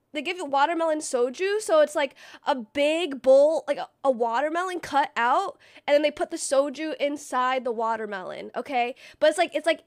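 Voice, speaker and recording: A woman livestreamer telling a story in casual stream chat, full of "like" and acting out what people said. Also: high voice. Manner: chatty storytelling, acts out quotes; many fillers like "like".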